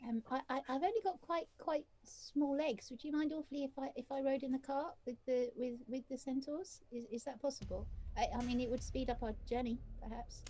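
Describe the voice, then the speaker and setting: A woman's voice: sits high, steady tone, a little fast, few pauses, warm tone. A woman voicing a small, timid female adventurer who stammers and asks everything overly politely.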